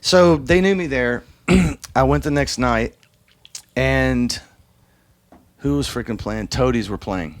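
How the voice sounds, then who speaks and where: In a casual interview, a drummer spins loose, profane, rambling stories and acts out the lines of the people he quotes. His voice sits at a medium pitch, and he talks slowly with frequent pauses. The recording is dry.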